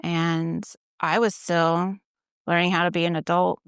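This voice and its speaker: A woman with a low, gravelly voice recounts her faith story in a relaxed, conversational way. She acts out her own past thoughts as little quotes. The sound is dry and close to the mic. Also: a little slow, no room sound. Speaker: church ministry assistant, interview guest. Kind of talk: casual faith-story interview.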